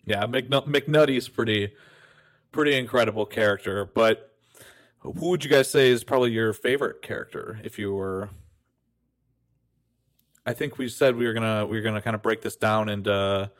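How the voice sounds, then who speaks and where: A man's voice: lowish voice, moderate pace, pauses often. A man co-hosting a podcast in a casual, chatty way, often correcting himself mid-sentence. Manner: chatty, self-correcting, laughs easily. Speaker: podcast co-host. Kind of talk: casual chat.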